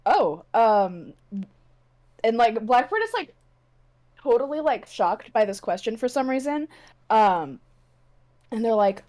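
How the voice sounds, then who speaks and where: A woman's voice: medium pitch, expressive, normal speed, darkish tone. A woman player describing her character in a casual tabletop game, with lots of fillers like "like" and "um". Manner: chatty, lots of "like" and "um".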